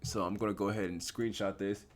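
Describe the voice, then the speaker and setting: A young man giving casual live commentary on his forex trades, slangy and relaxed, asking and answering his own questions. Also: lowish voice, fast talker.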